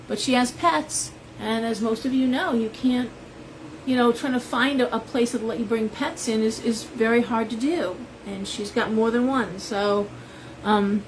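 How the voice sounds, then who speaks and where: A woman's voice: a little high, a little hiss or hum, low-quality recording. A middle-aged woman, a shop owner, chatting casually on a live stream and greeting viewers by name. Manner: chatty, rambling, reads out viewer names.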